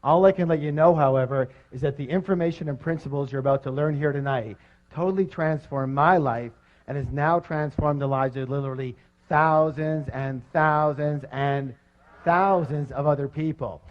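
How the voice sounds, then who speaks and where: A man giving a motivational seminar talk, energetic and quizzing his audience with questions. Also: a little high, brisk. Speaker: seminar speaker. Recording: dull lo-fi recording.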